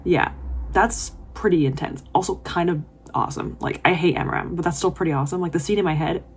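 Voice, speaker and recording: A woman with a somewhat low voice reads a novel aloud for her vlog. She breaks off into gushing, emotional reactions between passages. The tone stays casual and personal. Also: fast, a little hiss or hum. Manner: emotional, gushing reactions with laughs and whispered asides. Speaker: book vlogger.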